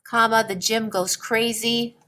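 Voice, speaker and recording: A woman teacher walks through a writing lesson at an unhurried, deliberate pace. Her voice sits a little on the high side. She keeps pausing to check in with her students. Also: steady tone, bright, forceful tone. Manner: slow, patient explaining with frequent "okay?" check-ins.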